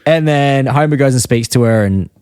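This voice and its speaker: A man's voice: mid-range voice, normal speed, a little mellow, smooth, no room sound, clean studio sound. A man co-hosting a podcast, casually retelling scenes with quoted lines and restarts. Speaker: podcast co-host. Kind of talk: casual chat recapping an episode.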